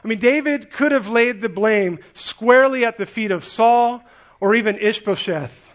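High-voiced earnest man preaching a sermon. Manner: earnest, emphatic, with frequent restarts and rhetorical questions. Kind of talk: expository sermon.

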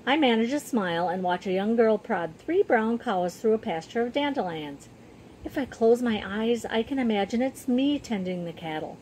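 A woman narrating a children's story in the first person with a gentle, even storytelling manner. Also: a little high, normal speed, a little hiss or hum, poor audio.

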